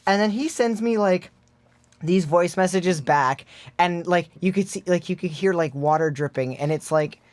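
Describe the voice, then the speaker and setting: A podcast guest chatting casually in an animated, rambling way. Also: mid-range voice, normal speed, no echo. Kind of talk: casual chat.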